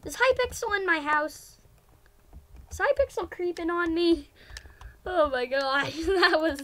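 A woman giving casual gameplay commentary, excitable and giggly, with frequent exclamations. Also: high-pitched, takes it slowly. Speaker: gamer.

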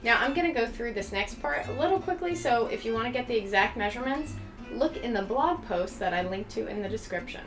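A woman with a mid-pitched voice walks viewers through a baking demo in a chatty, friendly way. Faint music plays behind her. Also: animated, brisk. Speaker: host. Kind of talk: show hosting and cooking demo.

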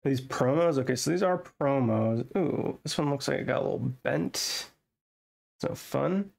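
A man with a gravelly, fry-tinged voice chats casually while opening trading card packs at his desk. He thinks out loud and gets excitable over good pulls. His voice sits at an ordinary middle pitch and is picked up by the camera mic. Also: measured pace. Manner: chatty, excitable, thinks aloud. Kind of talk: casual unboxing chat. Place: home desk setup.

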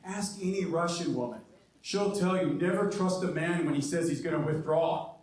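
A man doing a stand-up comedy set, brash and loud, dropping into goofy bits. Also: a little high. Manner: brash, quick shifts into silly character voices. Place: comedy club stage. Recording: echoey room from far off the mic.

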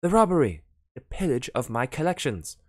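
A man reading an audiobook, voicing an anxious, excitable wealthy baron who pleads and frets. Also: a little high, normal speed, dry recording, studio quality, pitched above the performer's own voice. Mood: anxious, insistent. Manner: agitated, pleading.

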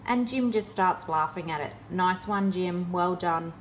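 A woman's voice: on the low side, a little slow, a little hiss or hum. A woman in a casual vlog, talking in a sarcastic, exasperated way. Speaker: vlogger.

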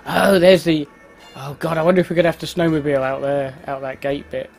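A man's voice: fairly high pitch, steady tone, fast, vocal fry, a little mellow, faint music behind. A man giving casual, self-mocking commentary while playing a video game. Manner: chatty, exclaims at the game, laughs at himself. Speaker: let's play host.

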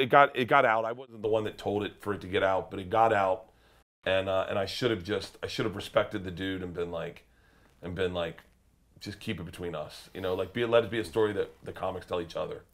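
A man who is a stand-up comedian, telling a wild story in an interview, swearing freely and rising into loud, excited shouts. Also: lowish voice. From United States. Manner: profane, excitable, jumps into loud shouted bits when telling stories. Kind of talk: animated storytelling.

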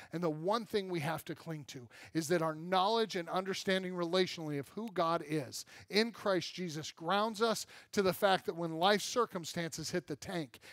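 A male pastor preaching a sermon, animated and self-deprecating, full of rhetorical questions and humor. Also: fairly high pitch, no echo, studio quality. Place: church.

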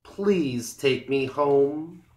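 A timid, gentle country mouse from a storybook, as a male reader voices him, soft and wistful, speaking very slowly. The sound carries a clear room echo. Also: medium pitch, lively intonation. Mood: frightened. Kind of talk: storybook reading. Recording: roomy echo.

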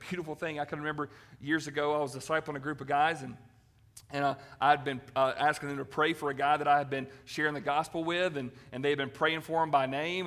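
Bright-voiced man preaching. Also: on the high side. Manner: animated, acts out quoted voices. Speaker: pastor. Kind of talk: sermon. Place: church sanctuary.

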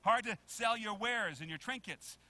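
A male pastor preaching a sermon in a church, animated, acting out quotes and asking the congregation questions. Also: high voice, normal speed. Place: church sanctuary.

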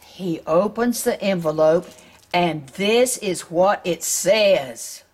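Slow, husky Southern woman reading a storybook aloud. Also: lowish voice, lively intonation. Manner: gentle, asks the listeners questions. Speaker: storyteller reading a picture book to children.

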